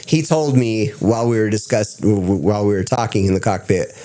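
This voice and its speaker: A man telling stories as a podcast guest in casual chat, excitable and swearing freely. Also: on the low side, a little fast. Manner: excitable, profane storyteller.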